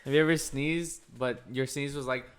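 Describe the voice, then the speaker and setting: A man's voice: mid-range voice, fairly even intonation, normal speed, fairly bright tone, smooth. A young man co-hosting a podcast, joking around and swearing freely in casual chat. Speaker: podcast co-host.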